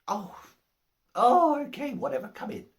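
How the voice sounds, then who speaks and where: A woman's voice: high-pitched, expressive, measured pace, gravelly, full character voice. Woman doing an exasperated old gatekeeper saint.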